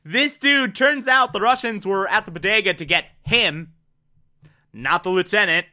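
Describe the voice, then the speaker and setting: A man's voice: high-pitched, normal speed, pushed and bright. A man giving an enthusiastic, casual recap and review of a TV episode, with sudden asides and the odd swear.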